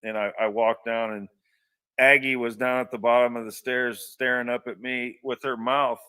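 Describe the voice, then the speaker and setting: A man's voice: mid-range voice, flat delivery, moderate pace, sharp tone, smooth, distant mic. Rambling man telling a story, off-mic. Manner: rambling anecdotal telling with many restarts. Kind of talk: casual storytelling.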